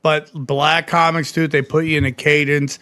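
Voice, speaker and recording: A man hosts a casual podcast conversation with a bright, forceful voice. He talks in animated, quick asides. The sound is dry and close. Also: on the high side, smooth, dry recording. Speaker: podcast host.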